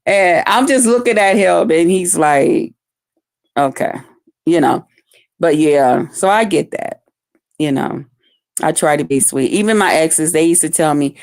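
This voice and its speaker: Animated woman in a dry close recording. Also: on the low side, measured pace, dry recording. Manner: animated storytelling, acts out quotes loudly, laughs often. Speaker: vlogger. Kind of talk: casual chat to viewers.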